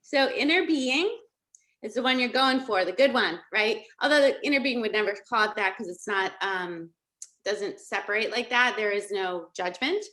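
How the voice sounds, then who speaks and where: A middle-aged woman leading a live coaching session over a video call, energetic and checking in with her listeners again and again. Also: mid-range voice, moderate pace. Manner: energetic, checks in often with "okay?" and "right?". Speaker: life coach.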